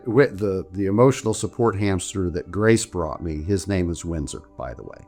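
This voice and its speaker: An older man telling a personal story in a chatty, jokey way, with many restarts and "so anyway" asides. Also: low voice. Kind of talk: casual storytelling to camera.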